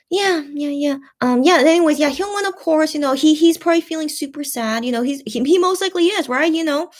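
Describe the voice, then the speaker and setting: A young adult woman hosts a casual livestream, reading out fan chat comments and talking through them in a halting, comforting way with many restarts. Her voice is mid-range with a darkish tone.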